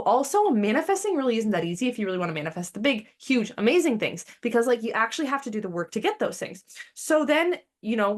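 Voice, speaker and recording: A woman hosting a spiritual podcast in a casual, blunt way, swearing freely and wandering into sidetracks. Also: a little high. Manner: blunt and profane, animated; chatty, with fillers and sidetracks. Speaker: podcast host.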